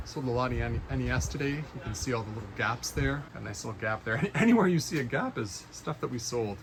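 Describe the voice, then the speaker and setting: Man, casual shop vlog, chatty, mid pitch, faint room ambience. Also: noisy background. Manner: chatty, upbeat, laughs easily. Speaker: retro game store owner. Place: indoor retro game store.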